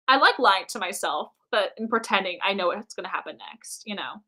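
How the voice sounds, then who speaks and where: Bright-voiced chatty American woman. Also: medium pitch, animated, normal speed, poor audio. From United States. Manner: chatty, self-mocking, trailing off with fillers. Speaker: live-stream artist. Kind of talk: casual chat while drawing.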